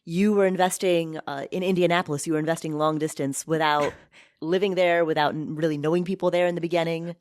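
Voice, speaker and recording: A woman hosting a podcast in casual, upbeat chat, emphatic and quick to laugh. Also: sits low, steady tone, a little mellow. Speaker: podcast host.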